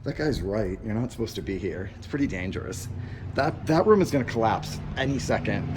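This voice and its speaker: A man's voice: fairly low pitch, expressive, fairly quick, noisy background. Chatty man exploring abandoned grounds. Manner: chatty, rambling, nervous about getting caught. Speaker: urban explorer vlogger. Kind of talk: casual walk-through narration. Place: outdoors on abandoned resort grounds.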